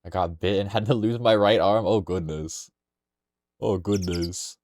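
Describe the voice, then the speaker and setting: A man's voice: low-pitched, unhurried, darkish tone. A young man casually streaming a game, rambling playfully and reading lines aloud. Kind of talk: casual game-playing commentary. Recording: noisy home stream mic.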